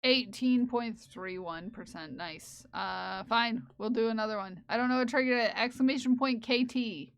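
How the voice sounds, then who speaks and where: High-voiced woman chatting on stream. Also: moderate pace, hardly any pauses, smooth. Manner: chatty, playfully scolding chat. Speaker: livestream host. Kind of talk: casual live-stream chat with viewers.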